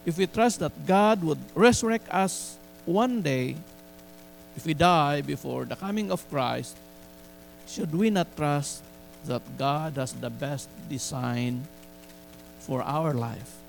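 A man preaching a sermon, slow and deliberate, mixing Tagalog phrases into his English. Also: on the high side, gravelly, a little hiss or hum, poor audio.

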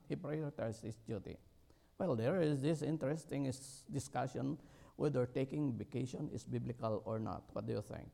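Gravelly middle-aged man preaching haltingly. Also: a little high, expressive, mellow. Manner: halting, with many fillers and restarts, rising emphatically on key words. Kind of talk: sermon.

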